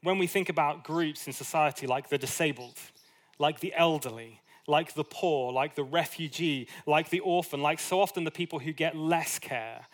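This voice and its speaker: A man preaching a sermon in an easygoing, animated way. He talks as if chatting with the congregation, with asides and quick acted quotes, in a voice that sits a touch high for a man. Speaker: pastor.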